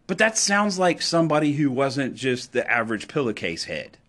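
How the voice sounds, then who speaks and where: A man delivering an impassioned political monologue, emphatic and sarcastic, swinging between loud declarations and low asides. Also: very animated, normal speed. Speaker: political commentator.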